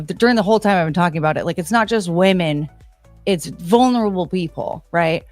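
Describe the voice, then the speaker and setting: A woman hosting a casual livestream from home, reading the chat aloud in a rambling, excitable way that trails off and restarts. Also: on the low side, no room sound. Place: home, near her kitchen.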